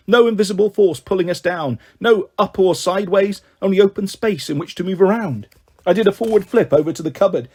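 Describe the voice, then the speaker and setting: A man reading a children's book aloud, lively and expressive. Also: high-pitched, breathy edge. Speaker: storyteller.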